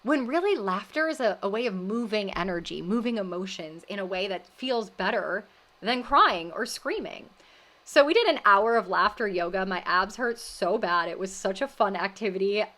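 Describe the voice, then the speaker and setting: A woman hosting a wellness podcast recaps her experience in an animated, casual storytelling style, performing the voices of people she quotes. She has a medium pitch and a moderate pace.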